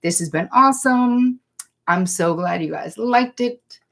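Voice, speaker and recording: A woman's voice: fairly high pitch, lively intonation, unhurried, vocal fry. A woman psychotherapist hosting a live online Q&A, talking in a chatty, direct way and reading viewer comments aloud. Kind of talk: live-streamed Q&A, casual and direct.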